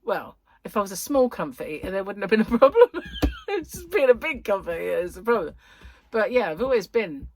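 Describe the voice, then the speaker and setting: A woman's voice: medium pitch, very animated, brisk, darkish tone, slight background noise. A woman hosting a crochet vlog, chatting in a rambling, giggly way. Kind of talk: casual chat.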